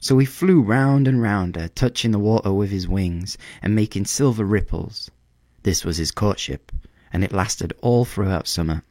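A man reading a storybook aloud in a measured, expressive way. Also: on the low side, no room sound, clean studio sound.

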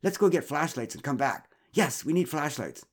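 A man's voice: on the high side, lively intonation, normal speed, voice pushed up. A man voicing a nervous, flustered middle-aged father who is out of breath and rambles with stammers and fillers. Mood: worried.

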